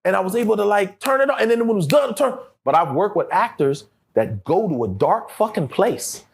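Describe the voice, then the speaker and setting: A middle-aged man talks through a casual interview, loose and profane, and keeps breaking into the voices of the people in his stories. His voice sits high for a man and leaps up and down with a lot of life. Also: fairly quick, vocal fry, husky. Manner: animated, profane, acts out voices in quotes, laughs often. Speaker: actor, interview guest.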